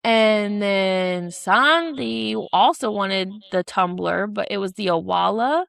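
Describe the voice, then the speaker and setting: Chatty woman with a gravelly edge. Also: mid-range voice, slow pace, no echo. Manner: animated storytelling with swearing and acted-out quotes. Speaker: podcast co-host. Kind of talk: casual chat.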